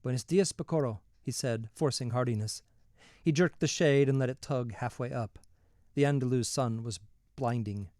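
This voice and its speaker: A man reads a novel aloud in a measured, expressive way. His voice sits at a middle pitch, and the recording is dry and close. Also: no room sound. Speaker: reader.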